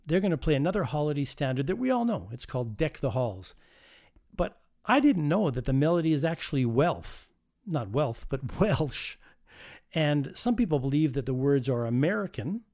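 A man's voice: medium pitch, dark tone. A man hosting a community radio holiday show, chatting in a folksy way with light jokes. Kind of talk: casual radio chat.

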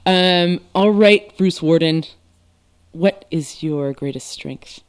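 A woman's voice: on the low side, slow pace, clean tone. Giggly, gushing woman podcast host. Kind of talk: casual interview chat.

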